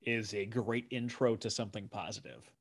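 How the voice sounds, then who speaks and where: A man's voice: lowish voice, steady tone, moderate pace. A man in his thirties hosting a podcast interview, chatting casually and with enthusiasm. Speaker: podcast host.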